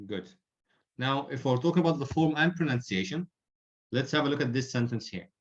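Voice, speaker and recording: A man's voice: mid-range voice, lively intonation, brisk, muffled recording. A man teaching grammar in an online class, patiently explaining and giving spoken examples.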